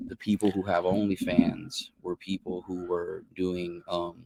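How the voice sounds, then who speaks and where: A man's voice: low voice, measured pace, vocal fry, dry recording. A man hosting a podcast, chatting casually in a rambling way with many restarts. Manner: rambling, restarts often, animated when amused. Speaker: podcast host. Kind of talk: casual chat.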